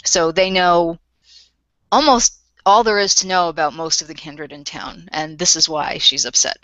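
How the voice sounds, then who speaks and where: A woman's voice: lowish voice, steady tone, moderate pace, a bit bright, no room sound, muffled recording. A woman playing a tabletop role-playing game, narrating her character's actions in a hesitant manner, full of ums and restarts.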